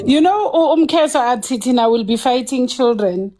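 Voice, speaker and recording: Forceful South African woman, low-key tone. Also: animated, moderate pace, soft background music. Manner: forceful, switching between English and isiZulu. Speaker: activist speaker. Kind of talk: heated online discussion.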